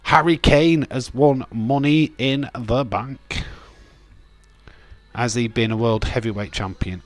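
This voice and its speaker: A man's voice: mid-range voice, slow, soft background music. A man hosts a casual wrestling watch-along stream, joking with his chat, reading viewer comments aloud and laughing often. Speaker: livestream host.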